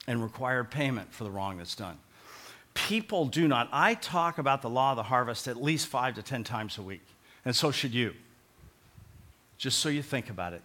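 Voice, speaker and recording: Bright-voiced man preaching with emphatic swings. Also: mid-range voice. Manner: emphatic, swings from loud proclaiming to quiet earnest pleading; conversational, repeats short phrases for emphasis. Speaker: pastor. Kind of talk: sermon.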